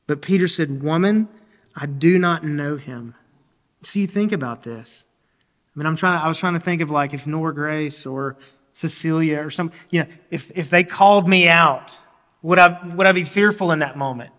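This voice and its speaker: A pastor preaches a sermon earnestly in a large hall, his fairly high, sharp voice moving at a normal speed. He often repeats or restarts his words and clears his throat now and then.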